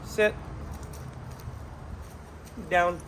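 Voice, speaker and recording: A man working as a dog trainer in an instructional demo, switching between bright, high praise for the dog and calm explanation. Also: very slow. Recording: outdoor mic with clear background noise.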